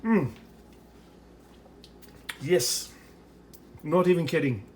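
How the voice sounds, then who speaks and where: A casual food vlog voice with a put-on British accent, swooping up and down in pitch with lively energy. The speaker chats along while stirring, pouring and tasting, and a faint hum sits behind the voice. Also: very slow. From United States. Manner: chatty running commentary while preparing and tasting food. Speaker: ration reviewer.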